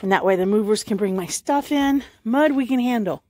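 A woman's voice: on the high side, lively intonation, brisk, warm tone, no room sound, clean studio sound. Chatty woman vlogging outdoors. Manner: chatty, rambling, musing aloud. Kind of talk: casual walk-and-talk vlog. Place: outdoors in snow around her house.

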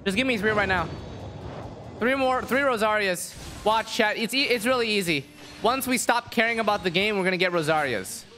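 A man's voice: high-pitched, lively intonation, a little fast, pushed and bright, faint music behind. A man streaming a game live, exasperated and swearing at his bad luck. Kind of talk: live gaming stream reaction.

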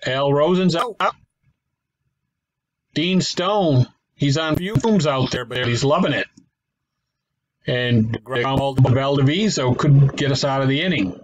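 A man talks his way through a simulated baseball game in easy play-by-play commentary. His voice sits at an ordinary pitch, and he muses aloud, backtracks and drops dry remarks. Faint noise runs underneath. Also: slow, pauses often, rough recording. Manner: thinks aloud, self-correcting, wry asides. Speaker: gaming channel host. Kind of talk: casual play-by-play commentary of a tabletop baseball sim.

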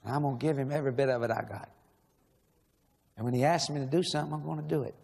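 A man's voice: medium pitch, fairly even intonation, quick pace, creaky, a little mellow, breathy edge. A man preaching a sermon in a large church, emotional and pleading, asking the same questions again and again. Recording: long echo of a large hall.

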